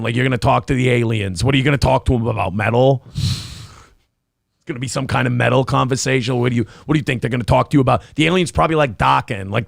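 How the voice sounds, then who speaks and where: A man's voice: medium pitch, creaky, no echo, studio quality. A man co-hosting a morning talk show, joking crudely and reading viewer comments aloud. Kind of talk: crude casual banter.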